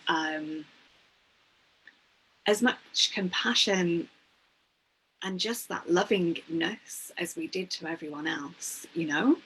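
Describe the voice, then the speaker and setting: A woman host with a very low, husky voice. She speaks softly and reflectively, affirming her guest in a spiritual conversation. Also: slow, long pauses, rough recording.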